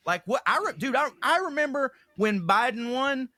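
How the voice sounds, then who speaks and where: A Southern-accented man co-hosts a podcast with a high, ringing voice. He tells stories in a casual, profane way and acts out the people in them. The sound is close and dry, with no room. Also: moderate pace, no echo. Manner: animated, profane, acts out quotes. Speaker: podcast co-host. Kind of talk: casual storytelling chat.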